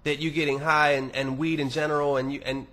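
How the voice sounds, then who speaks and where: A man's voice: on the high side, level tone, brisk, fairly bright tone. A young man hosting a podcast, reading listener emails aloud and answering them in a rambling, profane, casual monologue with many restarts.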